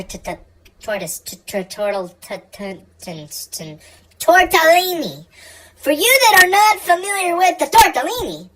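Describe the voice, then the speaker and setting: A woman's voice: sits high, a bit bright, poor audio. A woman hosting a casual comedic cooking video, rambling, joking and stumbling over her words. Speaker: cooking show host.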